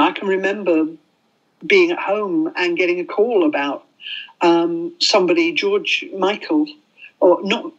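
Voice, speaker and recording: British woman, former volunteer, reflective interview, muffled audio. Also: fairly low pitch. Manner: reflective, plain-spoken. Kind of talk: documentary interview.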